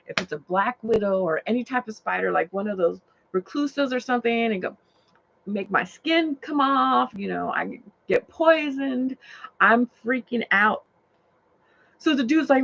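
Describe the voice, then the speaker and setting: A woman's voice: a little high, normal speed, vocal fry. A woman and rideshare driver, animatedly telling a story from her car, says "like" and "oh my God" constantly. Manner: excitable, says "like" and "oh my God" a lot. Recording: dull lo-fi sound.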